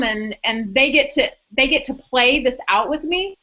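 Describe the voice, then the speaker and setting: Bright-voiced earnest woman. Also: high voice, animated, normal speed, muffled recording. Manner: earnest, encouraging, a few restarts. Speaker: co-host. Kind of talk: casual group chat.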